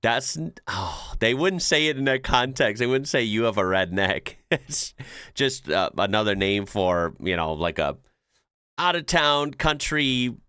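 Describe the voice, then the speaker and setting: A man's voice: mid-range voice, sing-song, measured pace, pushed and bright, clean tone, no echo, studio quality. A man hosting a reaction video, chatting casually with lots of fillers and laughs. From United States. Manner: laid-back, chuckles often, explains with many fillers.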